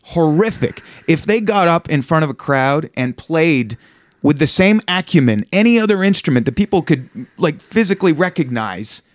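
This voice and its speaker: A man's voice: a little high, animated, normal speed, no echo. Male podcast host, casual and emphatic, dry close sound. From Canada. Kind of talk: casual chat.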